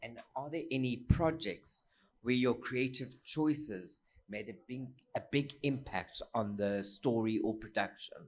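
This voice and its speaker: A man's voice: medium pitch, unhurried, darkish tone. Male panel moderator.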